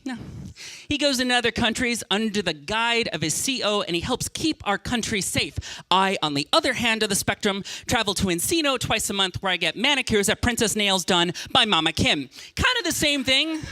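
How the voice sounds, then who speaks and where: A man doing stand-up with a high, very bright and sharp-edged voice. He tells his stories in an animated way and stutters on repeated words as he builds a bit. The sound is close and dry. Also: moderate pace, dry recording. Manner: animated storytelling with stammered repeats. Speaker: stand-up comedian. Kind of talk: stand-up comedy set.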